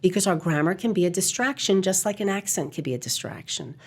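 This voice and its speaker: A middle-aged woman with a somewhat low voice speaks as a podcast guest. She is a communication coach, articulate and measured, and she leans on key words for emphasis. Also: lively intonation. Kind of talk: podcast interview.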